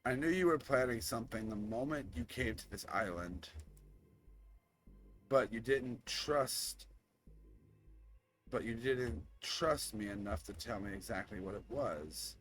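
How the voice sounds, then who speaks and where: Guy reading a cold traitor girl in a dating game, slow, calm, low-key. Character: treacherous young woman, cold betrayer.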